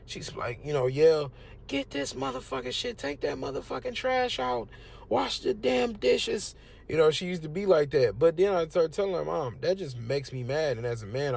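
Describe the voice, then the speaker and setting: A man's voice: mid-range voice, a little mellow. A young man from the United States giving a casual religious testimony, preachy and conversational. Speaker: testimonial speaker.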